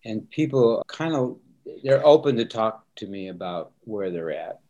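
Earnest low-voiced older pastor. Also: male voice, animated, a little slow, mellow, highs cut off. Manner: earnest, openly emotional, laughs easily. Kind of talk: candid interview talk.

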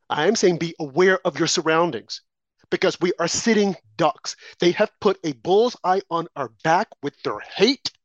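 A man's voice: on the high side, dry recording, dull audio. A man co-hosting a political talk show, delivering impassioned, preachy commentary full of rhetorical questions and warnings.

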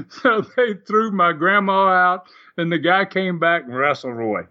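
An older man, a former wrestler telling animated stories in an interview and laughing often. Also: high voice, a little slow, muffled recording. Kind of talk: storytelling interview.

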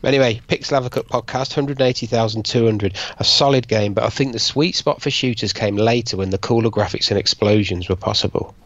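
Man, low voice, joking podcast co-host, dry and slightly muffled. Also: brisk, few pauses, fairly bright tone, no echo. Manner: blunt and jokey, slangy. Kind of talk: casual chat.

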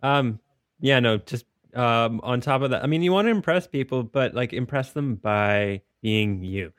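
A man's voice: medium pitch, animated, moderate pace, no echo, clean studio sound. A man co-hosting a podcast in casual chat, playful and jokey, reading listener questions. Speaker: podcast co-host.

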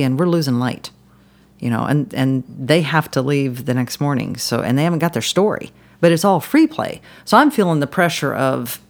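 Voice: mid-range voice, gravelly. A podcast guest telling a long story in casual conversation, rambling with frequent restarts and fillers. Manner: rambling, many restarts and "you know"s.

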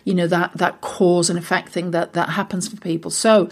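A woman's voice: lowish voice, level tone, moderate pace. A woman, a business coach for recruitment firms, giving a casual motivational talk in a chatty, informal way with lots of fillers.

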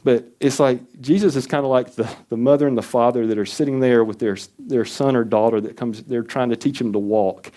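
A man's voice: steady tone, brisk, few pauses, mellow. A man preaching a sermon in an earnest, conversational way, acting out quoted prayers. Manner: earnest, acts out quoted prayers with rising pitch. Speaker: pastor.

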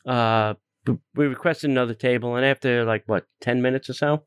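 Smooth-voiced man hosting a chatty podcast. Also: medium pitch, brisk, dry recording, clean studio sound. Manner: animated storytelling with fillers and exasperated asides. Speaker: podcast host. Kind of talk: casual chat.

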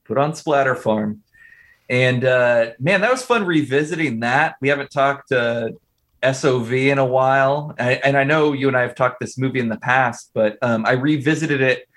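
A man's voice: medium pitch, moderate pace, fairly bright tone. A man co-hosting a podcast in casual chat, eager and chatty. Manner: eager, chatty, pleading jokingly. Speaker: podcast co-host.

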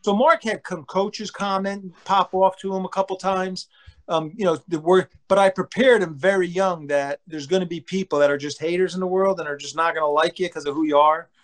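A middle-aged man, a former pro pitcher and father, rambling through animated baseball stories in casual chat. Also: brisk. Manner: rambling, animated storyteller who acts out quotes.

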